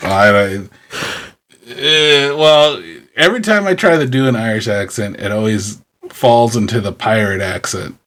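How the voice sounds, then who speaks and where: A man's voice: mid-range voice, measured pace, slight background noise. Brief: man, podcast co-host, easygoing mid-range voice, loose joking delivery. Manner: relaxed, filler-heavy joking. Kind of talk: casual chat.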